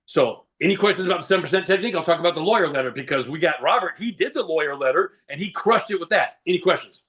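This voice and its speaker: A man with a high, quick voice pitches real estate tactics to agents on a video call. He drives his points home with punchy rhetorical questions and a confident, salesy push. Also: lively intonation, a bit bright. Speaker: guest speaker, real estate coach.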